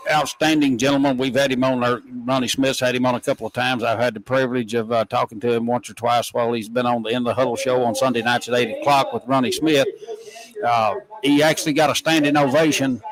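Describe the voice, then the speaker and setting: A man calling a high school football game play by play, folksy and excitable. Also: poor audio. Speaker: play-by-play announcer.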